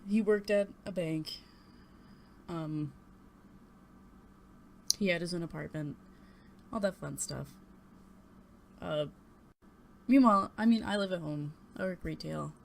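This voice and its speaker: A young vlogger's lowish, slow voice, with vocal fry and frequent pauses, carries a personal story she tells her home webcam. The telling is rambling and hesitant, sometimes blunt with swearing, and her desktop USB mic adds a little hiss or hum.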